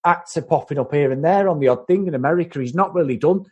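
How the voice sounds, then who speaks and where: Husky man sharing film trivia. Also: fairly high pitch, fast, dull audio. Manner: informal, shares trivia, swears casually. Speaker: podcast co-host. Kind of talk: casual film chat.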